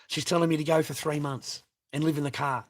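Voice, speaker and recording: A man's voice: a little high, fairly even intonation, brisk, slight background noise. A man with a daughter, ranting to his livestream audience in a profane, heated and mocking way. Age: adult with a child.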